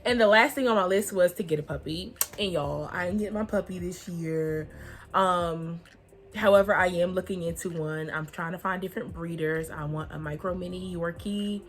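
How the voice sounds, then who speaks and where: Young woman, casual vlog, heartfelt and chatty, slightly low voice. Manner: heartfelt and chatty, religious, laughing often. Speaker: vlogger.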